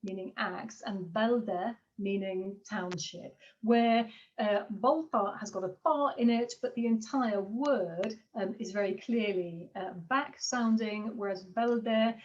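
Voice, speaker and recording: A woman's voice: medium pitch, slow pace, darkish tone. A woman lecturer giving an academic seminar talk, hesitant with many fillers. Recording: distant muffled online talk recording.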